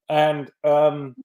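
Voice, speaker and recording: A man's voice: on the high side, sharp tone. A man and veteran venue producer telling anecdotes over a video call. He speaks with a self-deprecating humor and frequently uses fillers and restarts his sentences. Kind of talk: casual storytelling interview.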